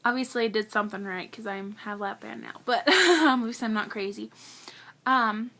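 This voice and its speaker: Chatty young woman with a high voice. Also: normal speed, bright, forceful tone. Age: young adult. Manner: chatty, heavy use of "like", earnest; emotional, close to tears. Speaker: vlogger. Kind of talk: casual personal storytelling.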